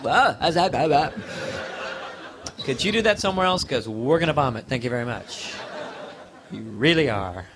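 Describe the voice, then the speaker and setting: A man's voice: mid-range voice, expressive, a little fast, noisy background. A man doing a live stand-up set in a comedy club, rambling playfully and teasing the audience.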